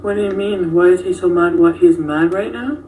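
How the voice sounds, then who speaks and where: A woman's voice: fairly low pitch, brisk, mellow, recorded from a distance, a little hiss or hum, low-quality recording. Woman chatting on a livestream. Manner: reacting to viewer comments. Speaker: livestream host. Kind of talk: casual livestream chat.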